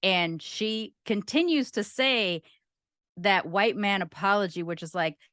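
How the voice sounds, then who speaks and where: A woman's voice: mid-range voice, unhurried, a bit bright, no room sound. Brief: emphatic, opinionated woman co-host, medium voice, dry room. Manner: emphatic, opinionated, counts points off. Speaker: podcast co-host. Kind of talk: casual podcast chat.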